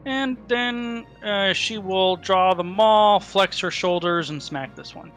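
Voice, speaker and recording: A man's voice: high-pitched, takes it slowly, a bit bright, soft background music. A man playing a tabletop role-playing game, chatting casually and checking rules aloud. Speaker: player.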